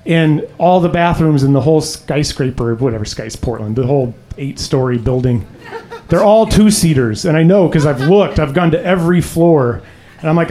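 A man's voice: a little high, lively intonation, a little fast, dark tone. Rambling young comic man on stage. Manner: conversational, rambling, swearing. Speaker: stand-up comic. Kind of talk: stand-up comedy set. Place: comedy club stage.

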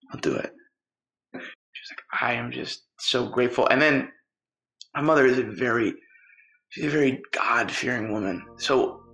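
A man's voice: medium pitch, roomy sound. A man narrating a heartfelt personal story, acting out the dialogue as he tells it. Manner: earnest, animated storytelling with quoted dialogue.

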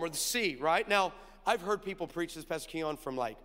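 A young man preaching a sermon, telling stories in an animated way and often checking in with the crowd. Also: a little high, moderate pace. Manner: animated storytelling with asides to the crowd. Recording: long hall reverb.

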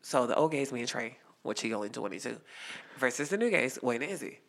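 A young man telling a lively story as a guest, acting out the quotes. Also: medium pitch, fast talker, vocal fry. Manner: animated, acts out quotes. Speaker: guest performer. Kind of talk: casual storytelling.

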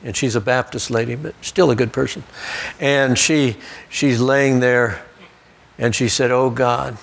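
A man's voice: medium pitch, unhurried, gravelly. A male pastor, preaching a sermon through folksy personal stories and asides. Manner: storytelling preacher, folksy asides, occasional restarts. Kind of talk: sermon storytelling. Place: church sanctuary.

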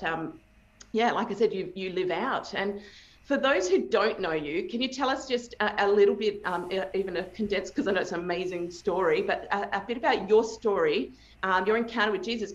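A woman hosting an interview, asking rambling, enthusiastic questions in a warm, chatty way. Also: mid-range voice. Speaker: host. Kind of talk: casual interview chat. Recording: dull lo-fi audio.

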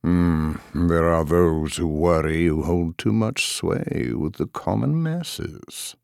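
An actor playing a charming, wry male noble knight in an audiobook drama, talking in a smooth, teasing way. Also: sits low, animated, takes it slowly, darkish tone, dry recording, studio quality, exaggerated voice. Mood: wary.

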